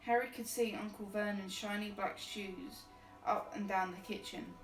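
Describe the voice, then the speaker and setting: A woman streamer reading a storybook aloud in a relaxed way, with chatty, easygoing asides. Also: mid-range voice, moderate pace. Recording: roomy distant mic with faint music.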